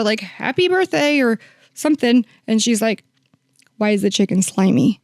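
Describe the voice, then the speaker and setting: A woman's voice: fairly high pitch, moderate pace, darkish tone, no echo, studio quality. Chatty woman telling a long story. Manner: chatty, many fillers, acts out quoted lines. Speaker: hospice nurse guest. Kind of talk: podcast interview storytelling.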